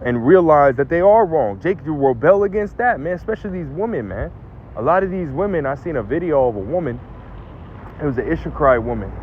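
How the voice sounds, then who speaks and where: A man preaches in a loose, conversational way, checking in with "right?" and "man" after almost every phrase and stammering repeats when he pushes a point. His voice sits at an ordinary middle pitch. The recording is dull and lo-fi, with faint traffic noise from outdoors behind him. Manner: casual, keeps adding "right?" and "man"; repeats words when emphatic. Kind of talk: informal religious commentary.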